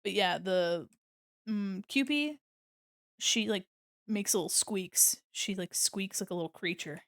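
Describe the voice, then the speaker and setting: A woman's voice: mid-range voice, measured pace, a bit bright, no echo, clean studio sound. A woman streamer chatting casually while she draws, giggly and gushing, breaking into laughter often. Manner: gushing and affectionate. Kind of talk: casual livestream chat while drawing.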